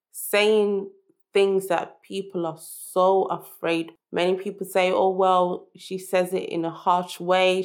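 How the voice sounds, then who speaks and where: A young woman hosting her own podcast, talking through her story in an earnest, reflective monologue with many restarts. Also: fairly low pitch. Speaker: podcast host. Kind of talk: personal monologue.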